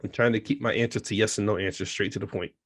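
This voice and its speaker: A man's voice: on the low side, fairly even intonation, fast, husky. A man co-hosting a podcast in a casual movie chat, laid-back and joking, laughing often. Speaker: podcast co-host.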